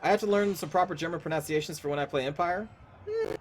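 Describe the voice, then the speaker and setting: A man's voice: fairly high pitch, quick pace, slight background noise. A man casually commenting on his strategy game as he plays, chatty and wry, thinking aloud. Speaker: gaming streamer. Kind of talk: casual let's-play commentary. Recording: game music underneath.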